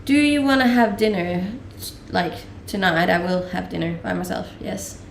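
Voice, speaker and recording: A young Danish woman with a lowish, creaky voice talks animatedly at normal speed while answering live-stream viewers' questions. Her manner is easygoing, with frequent laughter and lots of fillers. A little hiss or hum comes through, and the echoey room and slightly distant mic color the sound.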